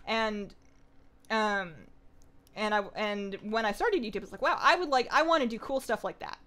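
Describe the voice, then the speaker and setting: A woman's voice: medium pitch, moderate pace, a bit bright. A young woman livestreaming a game, chatting casually and rambling in a self-deprecating way as she reads viewer comments. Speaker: gaming streamer. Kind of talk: casual live-stream chat.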